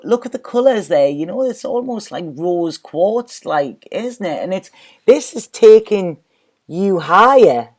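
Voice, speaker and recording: A woman's voice: medium pitch, darkish tone. A woman doing a casual tarot reading vlog, talking in a rambling, effusive way and repeating her words. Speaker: tarot reader.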